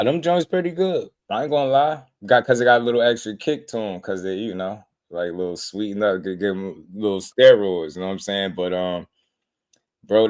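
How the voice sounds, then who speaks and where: A man hosting a boxing channel in casual chat, talking in laid-back slang and laughing often. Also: on the low side.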